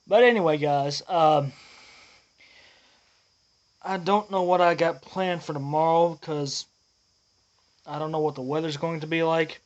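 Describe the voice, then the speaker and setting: A man's voice: a little high, fairly even intonation, slow, long pauses. Earnest rambling man on a lo-fi vlog. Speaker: channel host. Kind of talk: casual vlog update.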